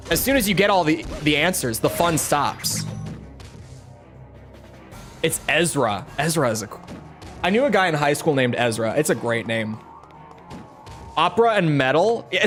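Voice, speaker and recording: A man's voice: a little high, a bit bright. A young man streaming a game, telling a rambling, self-mocking story in casual chat with lots of restarts. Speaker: gaming streamer.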